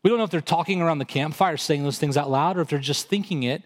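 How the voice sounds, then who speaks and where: A male pastor preaching a sermon, explaining scripture conversationally and rising in intensity for emphasis. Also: fast. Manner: rises in pitch and intensity when quoting and emphasizing.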